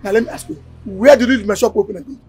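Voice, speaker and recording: A man's voice: high-pitched, rapid-fire, a little mellow, natural voice. A man playing a blustering, bullying Nigerian shop owner. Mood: angry. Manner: blustering, mocking, threatening. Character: harsh bullying male shop owner, threatening.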